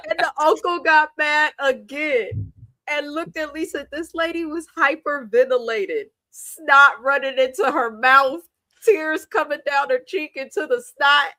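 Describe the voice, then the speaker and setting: A woman's voice: high voice, unhurried, pushed and bright, no room sound. A woman in her thirties from Kenya, hosting a live TV recap with blunt, profane, laughing storytelling. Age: 30s. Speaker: show recap host.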